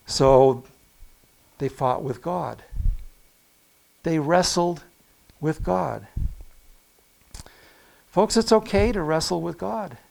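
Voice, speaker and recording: A man preaching a sermon in a slow, deliberate delivery. His voice sits a little high for a man, and he swings from loud calls down to near hushes while speaking straight to the congregation. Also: creaky. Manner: animated preaching with big swings in loudness, dropping to a hush; addresses congregation directly with asides and quick laughs. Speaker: pastor.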